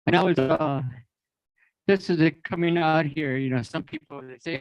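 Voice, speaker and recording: A man from the Apache nation emcees a dance for a festival crowd. He speaks in a somewhat high voice, friendly and instructive, and coaxes the audience into call-and-response. The sound is close and dry. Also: normal speed, no room sound, muffled recording. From Apache nation, North America. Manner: friendly, teaching, gives the audience phrases to repeat. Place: outdoor festival stage.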